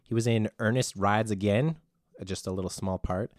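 A young man from Canada hosts a casual movie podcast, talking loose and joking and swearing now and then. His voice sits fairly low, and the sound is close and dry with no room around it. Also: steady tone, moderate pace, no echo. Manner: loose, joking, swears, reads cast notes. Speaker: podcast host.

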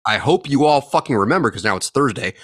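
A man's voice: medium pitch, fast talker. A man co-hosting a podcast, ranting angrily and swearing constantly in casual chat. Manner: angry swearing rants, animated. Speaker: podcast co-host.

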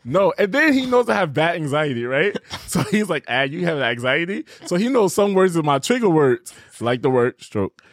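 Podcast host guy, animated storyteller, voice on the high side, dry close sound. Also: moderate pace, no echo. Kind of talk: casual podcast chat.

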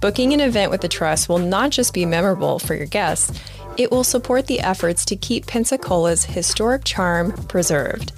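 A woman's voice: mid-range voice, expressive, normal speed, faint music behind. A woman hosting a podcast, asking questions and reading sponsor ads in an upbeat, friendly way. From United States. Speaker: podcast host. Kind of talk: casual interview and ad reads.

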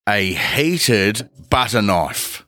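A man's voice: fairly low pitch, big pitch swings, drawn-out words, sharp tone, no room sound, studio quality. A man co-hosting a podcast, chatting casually in a jokey, rambling way and laughing often. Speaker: podcast co-host. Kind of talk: casual chat.

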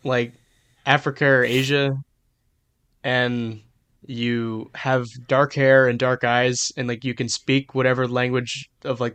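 A man's voice: mid-range voice, fairly bright tone, clear, resonant tone, dry recording. Rambling man, dry close sound. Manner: rambling, hesitant, many restarts and fillers. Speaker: podcast co-host. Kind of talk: casual chat.

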